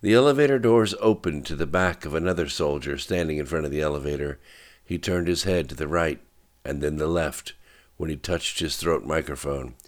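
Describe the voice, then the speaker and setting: A male narrator with a very deep, low voice reads a novel aloud. His delivery is steady and even, in the manner of scripted audiobook narration. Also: a little fast.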